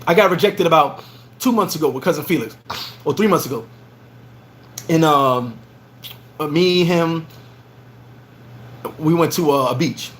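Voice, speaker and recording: Male vlog host, a bit high-pitched, casual and animated, faint ambient noise behind him. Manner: animated storytelling, acts out quoted lines. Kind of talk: casual livestream chat. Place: bar in the Dominican Republic.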